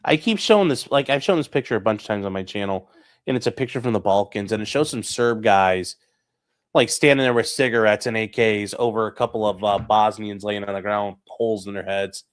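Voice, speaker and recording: A man's voice: fairly low pitch, brisk. A man co-hosting a casual political podcast, talking animatedly, swearing and mimicking people with mocking voices. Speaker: podcast co-host.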